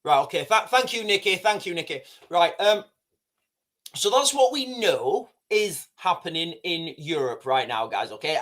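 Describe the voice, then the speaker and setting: A man's voice: a little high, a bit bright. A man hosting a casual livestream, rambling, repeating himself and talking straight to his chat. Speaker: livestream host.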